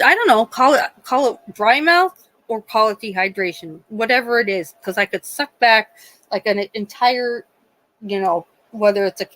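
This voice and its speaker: A woman's voice: a little high, no echo, poor audio. A woman working as a nurse, chatting casually with frequent laughter while acting out bits of dialogue. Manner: chatty, animated, often laughing, acts out dialogue. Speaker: nurse and livestream host. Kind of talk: casual storytelling chat.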